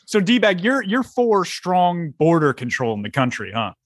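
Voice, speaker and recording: A man's voice: sits high, sing-song, unhurried, no room sound, clean studio sound. Incredulous laughing podcast host, man. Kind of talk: casual comedy interview.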